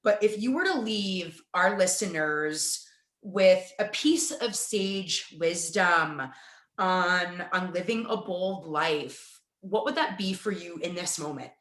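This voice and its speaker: A woman hosting an interview, talking enthusiastically and slowing down to stress her points. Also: on the low side, echoey room. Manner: warm, enthusiastic, slows down for emphasis. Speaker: podcast host. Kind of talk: casual interview chat.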